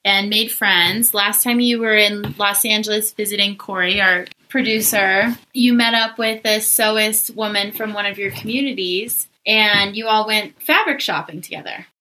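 A woman's voice: mid-range voice, steady tone, sharp tone, a little hiss or hum. A woman in her twenties co-hosting a podcast, chatting casually with a playful, teasing manner. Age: 20s. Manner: playful, teasing, quick to joke. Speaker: podcast co-host. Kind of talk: casual chat.

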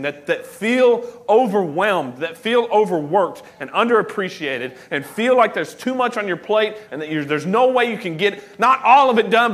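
A man's voice: sits high, a bit bright. A man in his thirties, an associate pastor, preaching a sermon in a church, moving from casual, self-deprecating stories to emphatic preaching. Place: church sanctuary.

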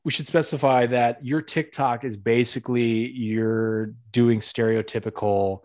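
A young man from Western Massachusetts with a light local accent hosts a casual podcast chat. His voice sits in an ordinary middle register, and his stories come out lively and animated. He acts out other people's lines as he goes. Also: mid-range voice, a little slow. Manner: animated storytelling, acting out quotes. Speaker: podcast host.

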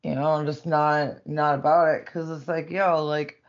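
A man's voice: a little high, flat delivery, normal speed. A young adult man, co-hosting a podcast in casual, crude chat and laughing often. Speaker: podcast co-host. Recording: dull lo-fi sound.

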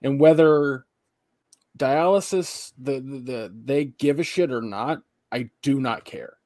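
A young man co-hosting a podcast, telling rambling stories full of swearing. His pitch sits in a middle range. The sound is dry and close, with no room around it. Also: slow, mellow, no echo. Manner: profane, rambling storytelling. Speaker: podcast co-host. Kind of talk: casual chat.

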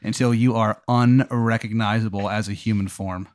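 A man improvising a comedic story on a podcast, rambling with lots of fillers in a deadpan way. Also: on the low side, normal speed, no echo, studio quality. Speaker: podcast co-host.

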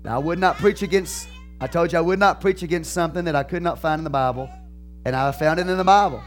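A high-voiced Texan man preaches a sermon as pastor. He moves between steady explanation and loud, fervent proclamation, with faint music playing behind him. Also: fast. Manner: builds from calm teaching to loud, fervent preaching.

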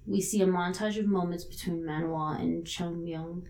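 A woman co-hosting a casual chat, recapping a drama episode in a relaxed way with casual swearing. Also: on the low side, normal speed. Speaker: podcast co-host recapping a TV drama.

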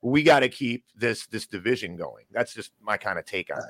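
A man's voice: on the low side, lively intonation, fairly quick, a bit bright, no echo. A man giving his political opinion casually, stumbling and repeating words as he goes. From United States. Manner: hesitant, repeats words, rises when emphatic.

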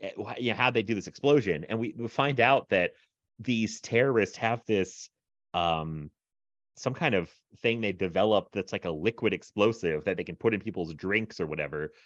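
Male podcast co-host, low voice, rambly and laughing, dry close mic with slightly dull sound. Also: moderate pace, no room sound. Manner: rambling, filler-heavy, laughs often. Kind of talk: casual chat.

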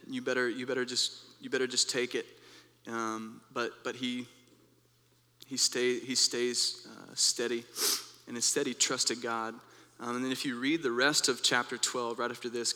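In a devotional talk built around a personal story, a young man preaches in a relaxed, earnest way, as though chatting with friends. His medium-pitched voice is bright and forward, and the room rings with long reverb.

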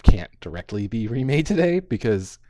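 A man hosting a podcast, chatting casually about a film, animated and quoting scenes aloud. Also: medium pitch, normal speed, no echo. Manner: animated, acts out quotes, frequent fillers. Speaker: podcast host.

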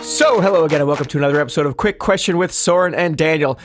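A man's voice: on the high side, racing, faint music behind. A man co-hosting a comedy podcast in casual chat, rambling and self-deprecating, with many restarts. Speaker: podcast co-host.

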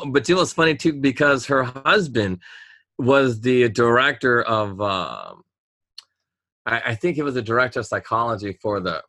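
A man's voice: mid-range voice, bright, forceful tone, dry recording, clean studio sound. A man, rambling through stories in casual chat, drawing words out and laughing often.

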